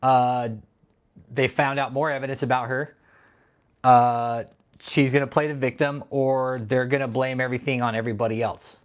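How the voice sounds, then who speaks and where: A man hosts his own livestream, his voice sitting at an ordinary middle pitch. He talks loosely and repeats himself, swinging into heated, profanity-laden ranting. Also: steady tone, normal speed, clean tone. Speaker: channel host. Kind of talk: angry livestream rant; casual livestream chat.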